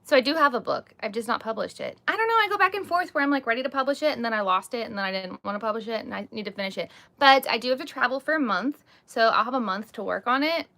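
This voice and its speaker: Candid creaky-voiced woman streaming live. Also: fairly high pitch, lively intonation, fast talker, few pauses, bright, forceful tone. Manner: candid, talks with many "like" and "um" fillers. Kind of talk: casual live chat answering comments. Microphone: phone or webcam, live stream.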